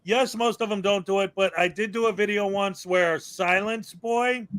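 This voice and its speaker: High-voiced chatty man hosting. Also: steady tone, a bit bright, no room sound. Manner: chatty, laughs often, quick asides. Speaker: show host. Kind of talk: casual commentary over video clips.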